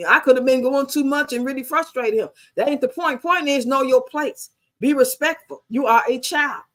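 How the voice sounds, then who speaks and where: She's an American in her fifties, speaking at normal speed in a high, slightly bright voice. Chatting casually, she tells stories in a blunt, emphatic way and curses heavily.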